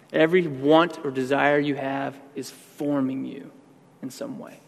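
A man's voice: medium pitch, steady tone, unhurried, gravelly, in a large hall. A man pastor giving a sermon, talking conversationally and then building to emphatic outbursts.

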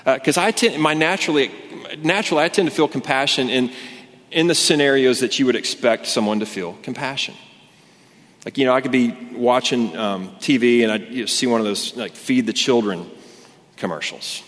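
A man's voice: mid-range voice, normal speed, fairly bright tone. A man preaching a sermon to a congregation, conversational and earnest, restarting his sentences often. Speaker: pastor. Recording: long hall reverb.

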